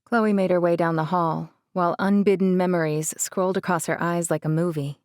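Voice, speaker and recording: A woman reading an audiobook as narrator in a measured, even way. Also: lowish voice, dry recording, studio quality. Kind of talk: scripted narration.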